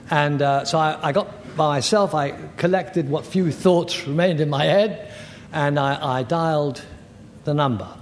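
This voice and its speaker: An older man in his sixties giving personal testimony as a recovery meeting speaker, halting, candid and self-deprecating. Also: fairly high pitch. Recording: echoey hall with faint noise.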